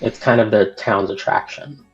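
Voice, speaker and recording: Low gravelly guy running a tabletop game, slow with lots of ums, muffled audio. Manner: halting, many ums. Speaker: game master.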